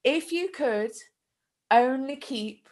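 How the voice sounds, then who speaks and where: A woman's voice: sits high, takes it slowly, darkish tone. A woman hosting a casual interview, encouraging her guest and laughing along. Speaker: podcast host.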